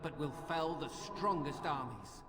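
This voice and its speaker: A man plays a zealous ghost of an army commander in a game, proud and declamatory, a little high for a man. His voice rolls into a long reverb. A clear ambient hum sits beneath. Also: unhurried, close to an everyday voice. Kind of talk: game voice acting.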